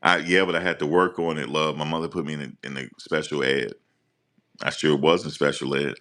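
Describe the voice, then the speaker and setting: A man hosting a live stream, talking casually and teasing his viewers in an animated rant. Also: rumbling low, a little fast.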